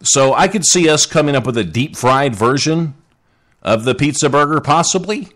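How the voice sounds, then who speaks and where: A man's voice: a little high, animated, normal speed, a bit bright. A man hosting a casual live podcast, joking and chatting with listeners in the chat. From Southern United States. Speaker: podcast host.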